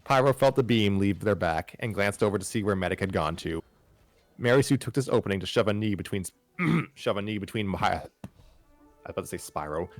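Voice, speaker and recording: A host reads a fan story during a live stream in a very low male voice. He keeps tripping on words, starts lines over and slips in dry, wry comments, and the audio is completely dry with no room sound.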